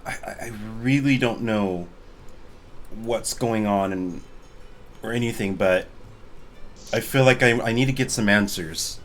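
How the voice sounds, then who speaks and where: A man's voice: on the low side, unhurried, long pauses, a bit bright, slight background noise. A man doing a hesitant, troubled young man. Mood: uneasy. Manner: hesitant, stammering, subdued. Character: troubled young man seeking answers about a power.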